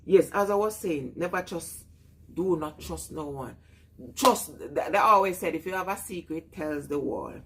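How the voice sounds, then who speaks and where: A woman's voice: low-pitched, expressive, normal speed, fairly bright tone, husky. A woman with a Jamaican accent chatting casually on a live stream, greeting viewers and laughing often.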